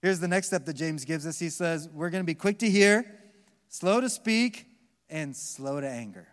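A man with an American accent preaching a live sermon as pastor, swinging between soft, slow passages and loud, emphatic ones. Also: fairly high pitch. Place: large church hall with long reverb. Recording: live church recording with long hall reverb.

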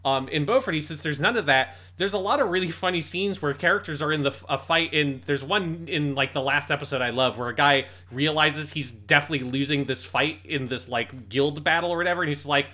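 A man's voice: a little high, a little fast, pushed and bright. A man co-hosting a podcast, talking casually and animatedly about a show, swearing freely. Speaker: podcast co-host. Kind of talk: casual review discussion.

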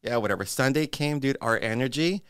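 A man telling a story in casual chat, animated and laughing often. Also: mid-range voice, a little fast, clean tone, no room sound, studio quality.

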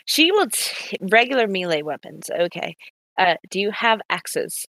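A woman's voice: mid-range voice, very animated, a little slow, fairly bright tone. A woman playing in a tabletop game, hesitant and giggly, often trailing off into laughs. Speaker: player. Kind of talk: tabletop role-play.

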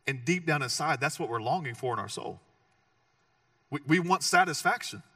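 A man's voice: a little high, animated, normal speed, sharp tone, no echo, studio quality, distant mic. A man preaching a sermon as pastor, conversational and joking, with emphatic repeated phrases.

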